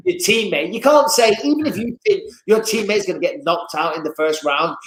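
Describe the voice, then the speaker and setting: Animated English man, echoey room. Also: brisk. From England. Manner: animated storyteller, lively swings in pitch and loudness. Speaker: guest, fight commentator. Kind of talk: casual podcast chat.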